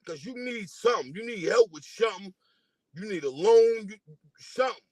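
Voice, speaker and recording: New guy ranting and roasting someone, high pitched voice, super dry close sound. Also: lively intonation, normal speed, darkish tone, no room sound. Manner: taunting, profane, repetitive. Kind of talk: casual diss rant.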